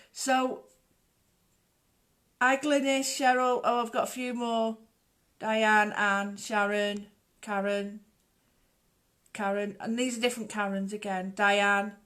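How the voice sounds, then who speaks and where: A woman's voice: mid-range voice, fairly bright tone. A woman hosting a casual home livestream, rambling chattily and greeting viewers by name. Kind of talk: casual live chat.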